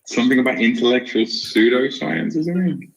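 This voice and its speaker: A man's voice: medium pitch, normal speed, gravelly, husky, low-quality recording. A man with a posh English accent asking pointed, combative questions in a debate. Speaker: debate caller.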